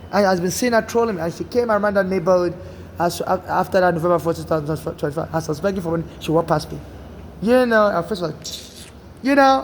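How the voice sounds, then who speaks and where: A man's voice: high-pitched, a little hiss or hum. A man in his forties, from Nigeria, talking in an urgent, rambling personal monologue and often repeating himself. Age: 40s. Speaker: vlogger. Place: city streets and transit.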